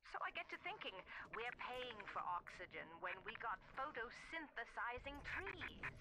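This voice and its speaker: A scheming woman scientist talks money in quick, businesslike phrases. Her voice sits a little high. There is a steady hiss of noise under the game audio. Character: shrewd female scientist with a sharp business sense. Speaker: game character in an audio log.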